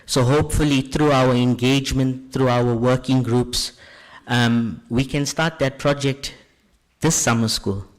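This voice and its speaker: A man's voice: mid-range voice, fairly even intonation, measured pace. A man moderating a question session in a lecture hall, polite and full of fillers.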